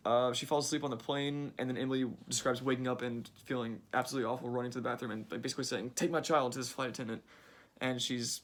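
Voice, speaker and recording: A man's voice: medium pitch, level tone, fast talker, a bit bright. A young man giving a casual summary of a book he read, chatty and full of fillers like "like" and "uh".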